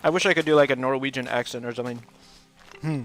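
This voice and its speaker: A man's voice: medium pitch, steady tone, fast talker, a bit bright, soft background music. A man chatting casually while he hosts a game livestream, rambling and laughing often. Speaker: livestream host, English teacher. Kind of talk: casual chat while gaming.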